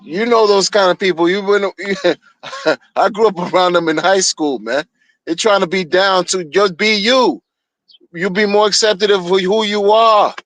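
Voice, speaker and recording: A man's voice: high-pitched, measured pace, a bit bright, dry recording, poor audio. Blunt, slangy man ranting on stream. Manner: blunt, slangy, rambling with repeated phrases. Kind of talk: casual on-stream rant. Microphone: streaming mic.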